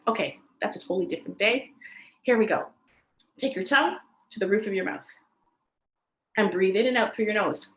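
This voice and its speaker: A woman teaching a chair yoga class, giving gentle, cheerful instructions and laughing often. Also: mid-range voice, fairly quick, pauses often, a little hiss or hum. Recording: echoey room.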